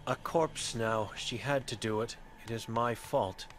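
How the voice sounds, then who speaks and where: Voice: mid-range voice, measured pace, lightly acted. A game voice actor playing an old blind, mute woman who speaks in grim, clipped fragments. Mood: guilt-ridden. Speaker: game character.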